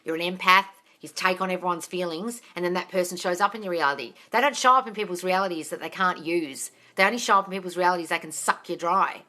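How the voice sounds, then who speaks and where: On a casual live stream, an Australian woman with a fairly low voice reads out viewers' questions in a lively way, talking quickly with few pauses. She answers bluntly, swearing freely and calling everyone darling as she coaches them.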